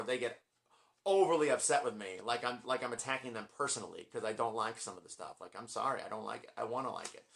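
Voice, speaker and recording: Man, forties, bright forceful voice, rambling and gushing, apologetic asides: collection vlogger. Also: medium pitch. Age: 40s. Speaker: vlogger ranking his album collection. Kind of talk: casual collection vlog.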